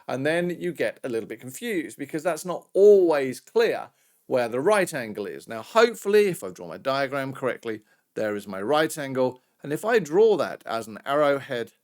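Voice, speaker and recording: A man's voice: mid-range voice, sing-song, moderate pace, darkish tone. A British man teaching a recorded maths lesson in a chatty, jokey way with self-mocking asides. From Britain.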